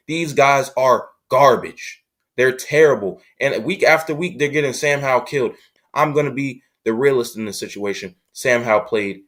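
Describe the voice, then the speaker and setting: A man's voice: medium pitch, a bit bright. A man hosting a sports show, ranting as a frustrated fan, repeating his points with heavy emphasis. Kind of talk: fan commentary rant.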